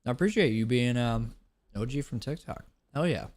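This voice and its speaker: A young man streaming live, chatting casually with viewers, thanking them and laughing loudly between comments. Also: mid-range voice, lively intonation, normal speed. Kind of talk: casual live-stream chat reacting to a clip.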